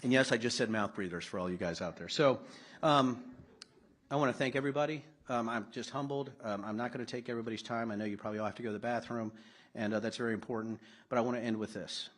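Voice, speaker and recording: A man's voice: mid-range voice, fast, fairly bright tone. Blunt, joking man giving a speech. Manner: conversational and self-deprecating, with blunt asides. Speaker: speaker at a political summit. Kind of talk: speech to a live audience.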